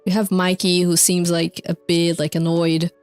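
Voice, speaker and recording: A woman's voice: on the low side, monotone, moderate pace, darkish tone, clear, resonant tone, no echo, faint music behind. A young woman streamer casually recapping concert lore, rambling with fillers, swearing and laughing often. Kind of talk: casual chat over video clips.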